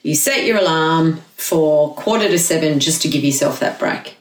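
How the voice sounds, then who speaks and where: A woman guest talking about dog behaviour, an animated storyteller in casual chat who swears freely. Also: low voice, moderate pace, roomy sound, recorded from a distance, poor audio.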